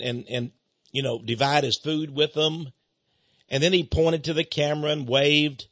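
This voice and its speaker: An older man hosting a radio show, talking in a preachy monologue that swings between hushed asides and emphatic declarations, with frequent chuckles. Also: a little high, slightly rough, no room sound. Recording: dull lo-fi radio broadcast.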